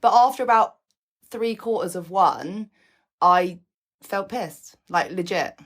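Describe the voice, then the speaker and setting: A woman's voice: medium pitch, takes it slowly. A woman in her thirties co-hosting a casual podcast, telling stories with frequent giggles. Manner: giggly, animated storyteller. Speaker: podcast co-host. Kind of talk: casual chat. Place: small bedroom.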